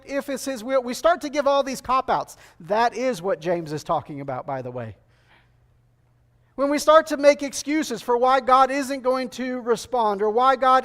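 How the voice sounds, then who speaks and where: An earnest male preacher delivering a sermon with a notably high-pitched voice. He drives his points home by repeating phrases and putting rhetorical questions to the church.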